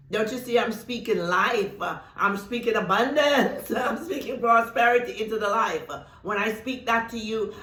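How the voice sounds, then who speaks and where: A woman giving a spiritual teaching talk, whose first language is Thai, speaking emphatically, slowing down on key words and laughing often. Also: mid-range voice, a bit bright. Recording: roomy echo.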